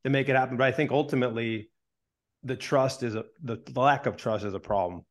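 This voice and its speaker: A male sports broadcaster on a talk show, with a voice of middle pitch. He talks at a measured, deliberate pace, building his argument step by step. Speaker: sports broadcaster and podcast co-host.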